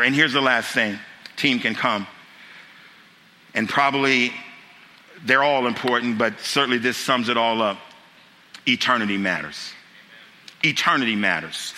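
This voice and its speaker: A man's voice: mid-range voice, pushed and bright. A man pastor preaching a sermon in a church, impassioned, repeating key phrases and building to urgent questions. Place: church sanctuary. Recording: long hall reverb with music underneath.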